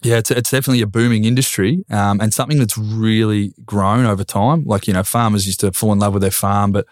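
A man with an Australian accent and a fairly low voice, speaking earnestly and reflectively. He is a podcast guest in his thirties who restarts phrases as he thinks aloud. The sound is dry and close. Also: steady tone, quick pace, no echo. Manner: earnest and reflective, repeats words while thinking. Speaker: podcast guest, former footballer. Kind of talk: casual conversation.

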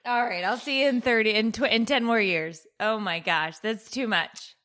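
A woman's voice: on the high side, moderate pace, a bit bright. A middle-aged woman hosting a podcast in casual chat, laughing easily and poking fun at herself. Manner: laughs easily, self-deprecating. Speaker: podcast host.

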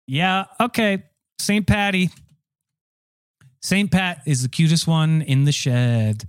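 A man's voice: fairly high pitch, takes it slowly, pauses often, smooth, no room sound, studio quality. Goofy man co-hosting a podcast. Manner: goofy, mock-announcer delivery. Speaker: podcast co-host. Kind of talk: comedic podcast banter.

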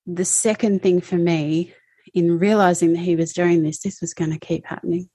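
A woman recounting her personal experiences as an interview guest, speaking in a halting, emotional way. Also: lowish voice, steady tone, mellow, slightly rough, dry recording. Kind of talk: personal testimony.

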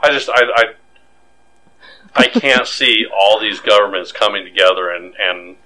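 A man co-hosting a podcast in casual chat, animated and joking, talking in loose, restarting sentences. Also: on the low side, measured pace, slight background noise, poor audio. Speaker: podcast co-host.

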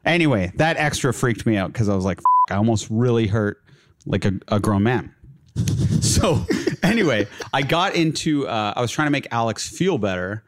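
A man's voice: mid-range voice, expressive, normal speed. A young man telling a long personal story in a casual chat as a guest, full of fillers like "like" and "uh". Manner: rambling, filler-heavy, laughs through his stories.

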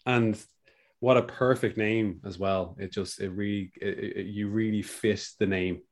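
A man's voice: lowish voice, fairly even intonation, a little slow. Enthusiastic man hosting a podcast. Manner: warmly enthusiastic, repeats words while thinking. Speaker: podcast host. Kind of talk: casual interview chat.

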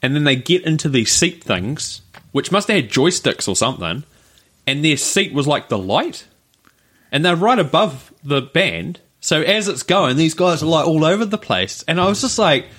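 A man, co-hosting a podcast in casual chat, telling stories in a rambling, animated way. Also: on the high side, moderate pace. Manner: rambling storyteller, animated retelling. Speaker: podcast co-host.

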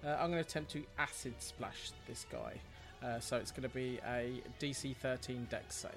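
A man's voice: medium pitch, normal speed, music in the background. A man playing a tabletop game, talking bluntly and casually with some swearing. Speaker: player.

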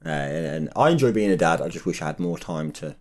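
A man's voice: deep voice, animated, fast, darkish tone. A young man, podcast co-host, chatting casually and telling anecdotes in an easygoing way, laughing as he goes. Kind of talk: casual chat and storytelling.

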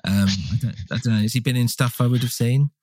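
A man co-hosting a casual film podcast, rambling and swearing with lively asides. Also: medium pitch, fast talker, slight background noise. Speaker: podcast co-host.

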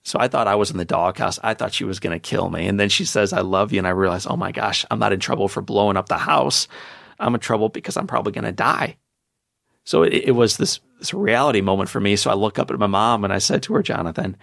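A man in his forties speaks as a podcast guest, driving each point home with emphatic, preacher-like energy. His voice sits a little low and has a gravelly edge. The sound is dry and close. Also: fast talker, a bit bright, no room sound. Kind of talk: motivational storytelling.

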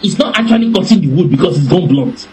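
A man preaching a sermon in a deliberate, animated way that often breaks into laughter. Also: on the high side, slight background noise, low-quality recording.

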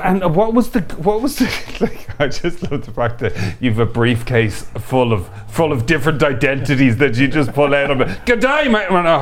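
A man hosting a podcast, asking questions in a relaxed, chatty way. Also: medium pitch. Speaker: podcast host. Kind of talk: casual interview chat.

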